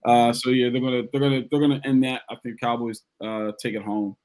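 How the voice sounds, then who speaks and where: Man, podcast co-host, casual football predictions, animated, repeats lines for emphasis. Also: medium pitch, fast talker. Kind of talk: casual sports chat.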